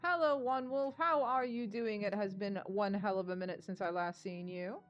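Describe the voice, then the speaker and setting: A woman's voice: mid-range voice, normal speed, clear, resonant tone, highs cut off, soft background music. A woman streamer chatting casually with her viewers, bubbly and welcoming. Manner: bubbly, chatty, greets chat warmly. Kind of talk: casual live-stream chat.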